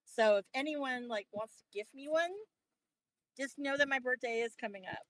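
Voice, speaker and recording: Woman podcast cohost going off about stuff, lots of swearing, high voice, dead dry sound. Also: moderate pace, no room sound, low-quality recording. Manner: animated, profane ranting. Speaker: podcast co-host. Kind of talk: casual chat.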